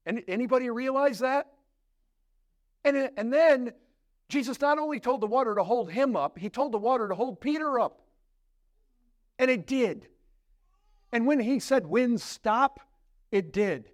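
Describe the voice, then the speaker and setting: A male pastor preaching a sermon, asking rhetorical questions and building to emphatic, lively delivery. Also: very high-pitched, moderate pace, long pauses, dry recording, clean studio sound.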